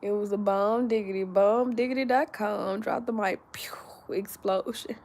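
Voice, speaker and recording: A sleepy woman hosting a casual live chat, talking slowly and straight to her viewers as she reads their comments. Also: medium pitch, steady tone, a little mellow, slight background noise. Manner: slow and drowsy, talks straight to viewers. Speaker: livestream host reading viewer comments.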